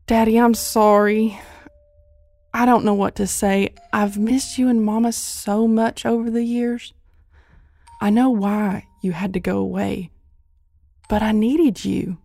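A woman's voice: mid-range voice, little pitch movement, slow pace, vocal fry, mellow, no room sound. A woman playing a remorseful young witch. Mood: apologetic. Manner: apologetic, pleading. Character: remorseful young woman waking from a magical coma.

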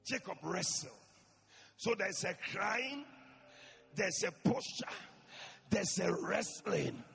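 A man preaching an impassioned sermon in a church, swinging between shouting and hushed speech and repeating phrases for emphasis. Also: high voice, lively intonation, slow, vocal fry, husky, long reverb tail.

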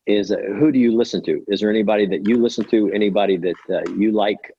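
A man's voice: fairly low pitch, fast talker, warm tone, breathy edge. A man hosting a podcast interview, asking conversational questions with frequent restarts. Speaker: podcast host. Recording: dry, dull, lo-fi.

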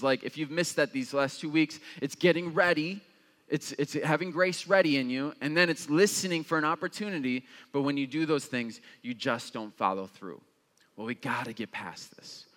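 A young male pastor gives a relaxed, chatty sermon, his voice set a little high and full of "like" and "uh" fillers. He leaps up in pitch whenever he acts out someone's reaction. The sound carries a long reverb, as if from a large hall. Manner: casual, conversational, with many fillers; animated, jumps high in pitch when acting out reactions.

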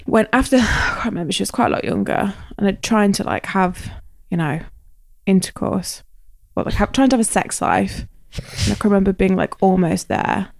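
Gravelly-voiced woman, blunt. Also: medium pitch, dry recording, studio quality. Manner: blunt, swears freely, quick storytelling. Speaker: podcast co-host, mother. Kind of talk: casual chat.

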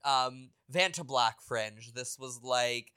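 A man co-hosting a podcast, trading casual banter. He critiques with firm opinions and drops dry, cutting jokes. His pitch sits in a middle range. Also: takes it slowly, pushed and bright, clear, resonant tone. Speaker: podcast co-host. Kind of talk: casual chat, reality TV recap.

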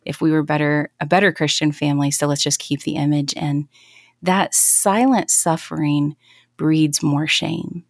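A woman's voice: low-pitched, steady tone, measured pace, vocal fry, dry recording, clean studio sound. A woman in her thirties sharing a personal faith story in an interview, earnest and reflective, often restarting her sentences. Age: 30s. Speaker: guest.

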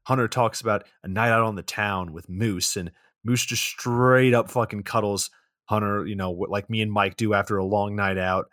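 A man's voice: lowish voice, steady tone, moderate pace, fairly bright tone, no echo, clean studio sound. A man co-hosting a podcast, casually recapping a plot with plenty of swearing. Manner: loose, profane plot recap. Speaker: podcast co-host. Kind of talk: casual chat.

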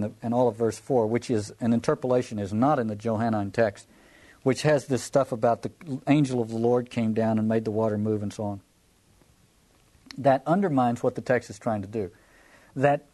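A man's voice: medium pitch, mellow. A man teaching a Bible passage in a reflective lecture, often restarting phrases and repeating words as he explains.

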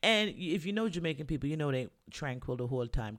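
A man from New talks casually with the of his home city, his voice sitting a little higher than most men's. He tells his stories in a candid, animated way, swears freely and often breaks into laughter. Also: brisk. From New York. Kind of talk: casual storytelling monologue.

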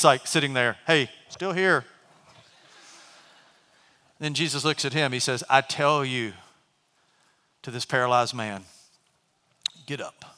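Male pastor, high and bright, animated sermon storyteller, reverberant church hall. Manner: animated storytelling, acts out characters. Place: church sanctuary.

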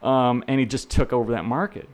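A middle-aged man, a real estate instructor, telling stories casually on a podcast, animated and laughing, often repeating words and acting out quotes. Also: mid-range voice, a little fast.

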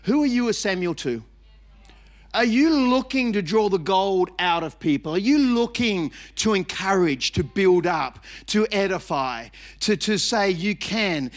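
Man, middle-aged, pastor, high-pitched, emphatic, chatty, self-mocking, energetic sermon. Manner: emphatic, with shouted rises and repeated phrases.

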